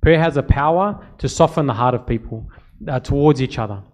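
A man's voice: mid-range voice, a little fast, darkish tone. A man who is a priest, giving an informal talk to church servants, telling stories. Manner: conversational storytelling, repeats words when emphasizing.

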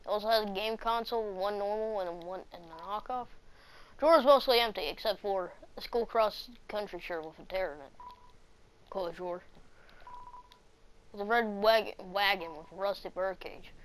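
A woman's voice: mid-range voice, normal speed. A woman playing through a game, reading its text aloud and joking about what she sees. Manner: reads game text aloud, quips at the screen. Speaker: game player voicing characters. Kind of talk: playthrough commentary with character voices.

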